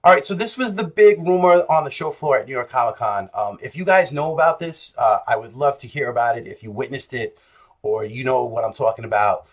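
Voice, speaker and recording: A young man telling a story in a casual vlog, animated and jokey, swinging between loud bursts and low mutters. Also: a little fast. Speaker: vlogger.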